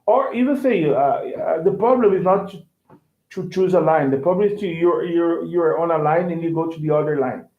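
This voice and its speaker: A man's voice: a little high, moderate pace. A man teaching English in an online lesson, explaining with many restarts and checking that he is understood. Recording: echoey tinny online call.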